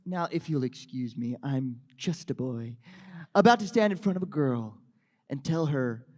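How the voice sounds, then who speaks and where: A man's voice: medium pitch, expressive, normal speed, darkish tone, close to an everyday voice. A man reading a wisecracking, crude antihero mercenary in a live comedic table read at a convention panel. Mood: sarcastic. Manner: crude, sarcastic, swearing. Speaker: voice actor reading Deadpool.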